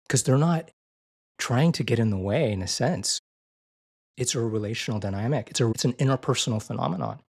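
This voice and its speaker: An earnest man speaks in a conversational podcast interview, often repeating himself and restarting phrases. His pitch sits in the middle of the male range. When he quotes gentle, loving words, his voice rises higher and softer. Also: slightly rough. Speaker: guest, physician and IFS therapist.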